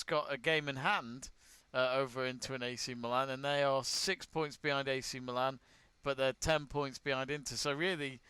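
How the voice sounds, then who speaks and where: A man's voice: fairly high pitch, sharp tone, smooth, no room sound. A man co-hosting a live football watch-along in casual chat, laughing often at himself.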